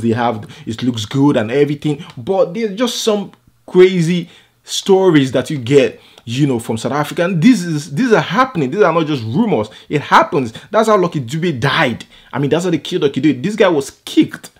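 A man's voice: medium pitch, husky. A man with a Nigerian accent giving casual, opinionated celebrity news commentary, rambling and checking in with "okay?". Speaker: entertainment news vlogger.

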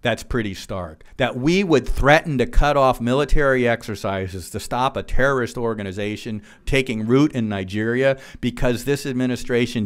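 A man giving an earnest policy presentation to a live audience in a room, reading quotes aloud and pausing on frequent fillers. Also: on the low side. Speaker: policy speaker.

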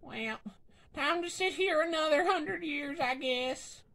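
A man's voice: very high-pitched, takes it slowly, creaky, pushed and bright, voice pushed up, full character voice. A man doing a meek ancient prisoner. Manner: timid, pleading.

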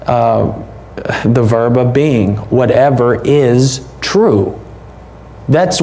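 A man's voice: mid-range voice, darkish tone, slight background noise. A man, preaching a sermon as a pastor in a conversational, folksy way with rhetorical questions. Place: church.

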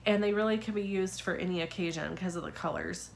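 A woman's voice: fairly low pitch, fast, vocal fry, slight background noise. A middle-aged woman with a stuffy nose from a cold, chatting casually with frequent "um"s while hosting a card-making tutorial.

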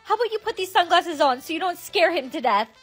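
A woman's voice: very high voice, animated, quick pace, fairly bright tone, faint music behind. A woman playing a friend and teacher in a comedy skit, coaxing and matter-of-fact.

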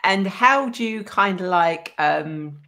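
Host: woman, very low pitch, gentle supportive interviewer. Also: lively intonation, takes it slowly. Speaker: podcast host. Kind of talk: casual conversational interview.

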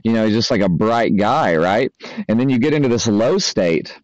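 Man, spiritual coach, casual rambling talk, fillers and swearing, lowish pitch, dry close audio. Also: animated, moderate pace, a little mellow, no room sound. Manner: loose and conversational, heavy fillers and swearing. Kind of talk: casual spoken monologue. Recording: dry, slightly dull lo-fi audio.

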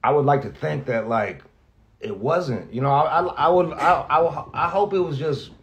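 A man's voice: on the high side, moderate pace. Rambling, profane man saying goodbye. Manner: rambling, profane, restarts often; emotional, near tears at times. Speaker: radio host. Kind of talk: casual spoken farewell message.

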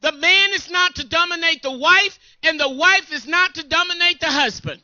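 A woman co-pastor preaching a sermon in an emphatic call-and-response style, often pausing for her congregation to answer. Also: very high voice, pushed and bright, no echo, dull audio.

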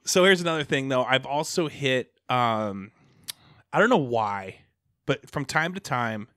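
This young man from the Pacific Northwest hosts a laid-back podcast, his mid-range voice animated and a bit bright yet unhurried. Slightly winded, he wanders through his thoughts with plenty of fillers and false starts, captured in a dry, clean studio recording.

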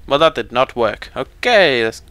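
A man's voice: medium pitch, moderate pace, bright, forceful tone, dry recording. A young British man giving chatty, joking live commentary over a game he is playing. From Britain. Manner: chatty, joking, talks to the viewers. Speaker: let's play commentator.

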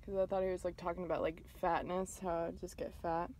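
A woman's voice: lowish voice, flat delivery, fast talker, slight background noise. Chatty young-sounding mukbang woman. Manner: chatty and giggly, dips to soft whispers. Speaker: mukbang host. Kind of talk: casual eating-show chat.

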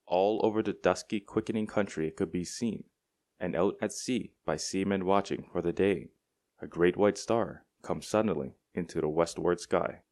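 A man reading a classic short story aloud as an audiobook narrator, in a measured, deliberate storytelling manner. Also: low voice, darkish tone. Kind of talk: scripted narration.

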